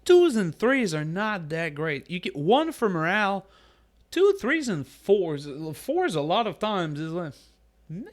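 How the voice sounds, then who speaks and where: A man co-hosts a podcast in loose, casual chat. His voice sits fairly high for a man, and he is animated and jokey, teasing his co-host as he talks. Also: unhurried.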